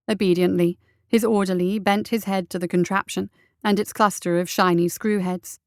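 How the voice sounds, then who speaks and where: Female story reader, smooth and steady, dry close-miked narration. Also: medium pitch, moderate pace, dry recording. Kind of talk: audiobook narration of fiction.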